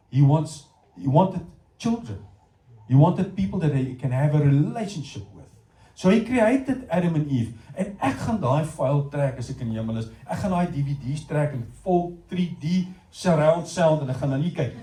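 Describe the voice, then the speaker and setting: A middle-aged man with a South African accent preaching a sermon, telling stories in an animated way and talking straight to the congregation. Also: a little high. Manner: animated storytelling, addressing the congregation directly. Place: church hall. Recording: echoey hall from far off.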